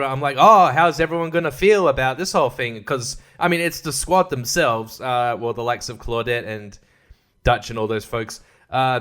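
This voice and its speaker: A man's voice: a little high, fairly bright tone. A man hosting a podcast, ranting casually and exasperatedly about a TV finale, swearing and mimicking the characters. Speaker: podcast host.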